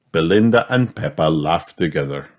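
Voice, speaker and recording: Slow, animated male storybook narrator. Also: deep voice. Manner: expressive, does all the character voices. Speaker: audiobook narrator. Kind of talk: children's storybook read aloud.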